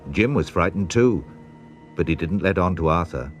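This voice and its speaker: A man narrating a children's storybook in an expressive, measured way. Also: deep voice, soft background music. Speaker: audiobook narrator.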